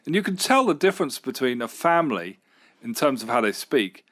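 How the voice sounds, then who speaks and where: A man's voice: mid-range voice, big pitch swings, brisk, fairly bright tone. A middle-aged man, a radio station manager, answering interview questions in an enthusiastic, rambling way with fillers and restarts.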